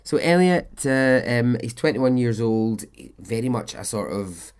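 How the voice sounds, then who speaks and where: A man's voice: medium pitch, expressive, measured pace, clear, resonant tone. Man, podcast host, casual storytelling, conversational asides. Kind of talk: casual true-crime storytelling.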